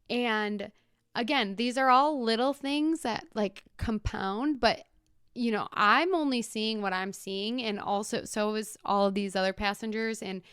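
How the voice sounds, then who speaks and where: A young woman hosting a podcast, retelling a story in a casual, animated way with whispered asides. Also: on the high side, unhurried, smooth, no room sound, clean studio sound. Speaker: podcast host.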